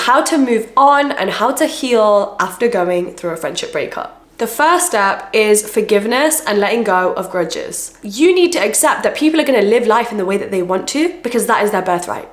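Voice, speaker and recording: A young adult woman giving direct, earnest self-help advice in a vlog to camera. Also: fairly high pitch. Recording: roomy echo.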